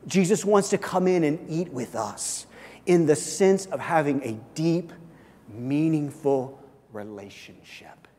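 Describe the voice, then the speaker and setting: A pastor's high voice rings through a large hall with a long reverb as he preaches. He swings from loud, urgent passages to hushed, nearly silent moments, and slips into quoted voices as conversational asides.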